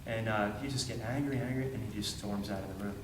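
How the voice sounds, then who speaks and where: In an animated storytelling talk at a training session, a man with a low-leaning voice speaks fast, acting out dialogue and repeating phrases for emphasis. The audio is distant and roomy, with faint ambience and background noise.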